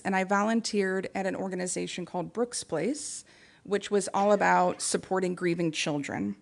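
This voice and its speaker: A woman's voice: on the low side, gravelly. A woman giving an earnest, reflective talk to a spiritual community, telling personal stories. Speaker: guest speaker.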